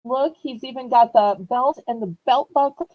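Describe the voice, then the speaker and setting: A woman's voice: on the high side, highs cut off. A woman from New Orleans, chatting with viewers while selling items in a live-stream auction. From New Orleans, USA. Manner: slow, sympathetic, chatty with viewers.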